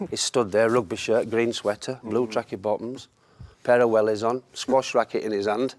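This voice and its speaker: Man telling lively anecdotes. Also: mid-range voice, measured pace, no room sound. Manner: lively storyteller, laughs at his own tales. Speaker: former footballer telling stories.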